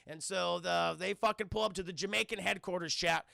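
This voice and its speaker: A man casually recapping a film for his stream chat, animated and swearing freely as he addresses the chat. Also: sits high, fairly quick, creaky, dry recording, studio quality.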